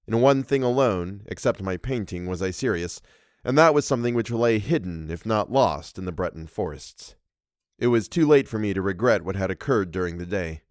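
A man hosting a podcast, reading a horror story aloud with a measured, expressive delivery. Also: on the low side, no room sound, clean studio sound. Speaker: podcast host and narrator.

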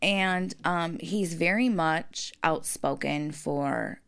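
A woman's voice: low voice, slow, gravelly, fairly bright tone, clean tone. A woman co-hosting a podcast, bantering bluntly with frequent swearing. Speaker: podcast co-host. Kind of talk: casual chat.

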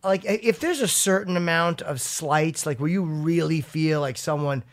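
Man, talk show host, fairly high voice, rambling, profane, casual, restarts sentences. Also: moderate pace. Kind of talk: casual chat and live ad read.

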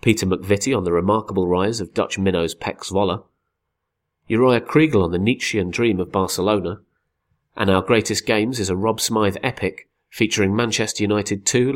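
A man reading a football magazine article aloud as scripted narration, with a measured, wry storytelling delivery. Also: fairly low pitch.

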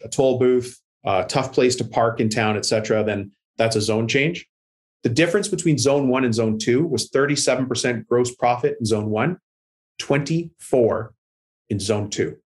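A man hosting a business podcast, chatting casually, giving short affirmations and summing up what his guest says. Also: mid-range voice. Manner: brief affirming replies, summarizes the guest. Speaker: business coach and podcast host. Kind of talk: casual interview talk.

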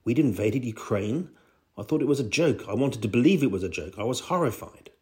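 A man's voice: medium pitch, animated, fairly quick, warm tone, lightly acted. Male reader voicing an eager, friendly Russian woman, read straight with no put-on voice.

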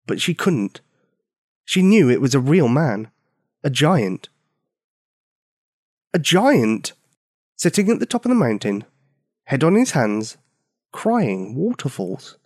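A man reads a children's story with a very lively, rising and falling voice, slowing down and speeding up for effect. The sound is dry and close to the mic, with a mid-range pitch. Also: no echo. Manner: expressive, varied pacing. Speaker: narrator.

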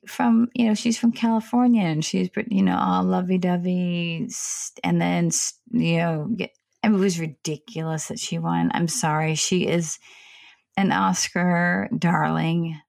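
An opinionated woman chatting casually as a podcast co-host, her voice low-set and gravelly with vocal fry. She rambles through asides, keeps apologizing and restarts her sentences. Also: steady tone, measured pace, a little mellow. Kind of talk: casual chat.

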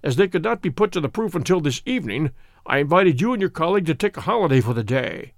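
A calm, precise detective. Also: male voice, a little high, no echo, clean studio sound. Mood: measured. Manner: measured, precise, gently reproving. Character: calm, clever male detective, precise and wry.

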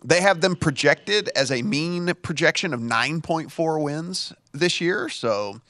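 A man's voice: on the high side, expressive, unhurried, a bit bright, no echo, clean studio sound. A man hosting a sports betting show, teasing his co-hosts and then working carefully through football stats. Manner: teasing in banter, methodical with stats. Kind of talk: casual sports analysis talk.

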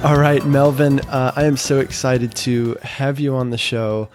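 A man's voice: mid-range voice, steady tone, unhurried, music in the background. A man hosting a podcast, chatting casually with a guest, with lots of fillers and small laughs. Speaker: podcast host. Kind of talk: casual interview chat.

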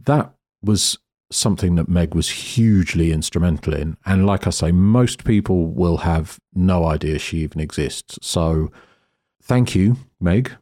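Low husky British man telling stories. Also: unhurried. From Britain. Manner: animated, self-deprecating, acts out quotes. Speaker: guest photographer. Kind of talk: casual anecdotal storytelling.

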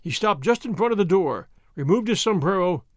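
A man narrating an audiobook in an expressive storytelling manner. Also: high-pitched, fairly quick, no echo, studio quality. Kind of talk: scripted narration.

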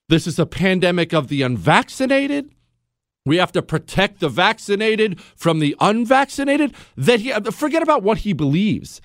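Indignant talk radio host, wildly animated pitch. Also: male voice, no room sound, studio quality. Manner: indignant, swings between shouting and low mutters.

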